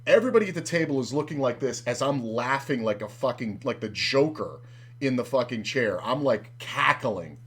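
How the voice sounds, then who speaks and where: A man in his forties hosting a podcast, telling a story in a casual, profane, animated way and acting out the dialogue. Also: medium pitch, normal speed, slightly rough. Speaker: podcast host.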